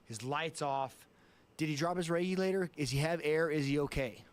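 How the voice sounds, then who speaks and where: A man's voice: a little high, quick pace, clean tone. A man, a guest on a casual talk show, telling a vivid story in plain words and swearing often.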